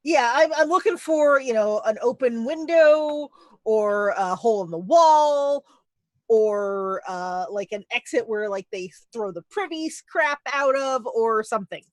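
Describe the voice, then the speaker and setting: A woman playing a tabletop game talks through her character's moves, hesitant and casual. Her voice is somewhat high, and the recording is dry with no room sound. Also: lively intonation, measured pace, dry recording. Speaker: player.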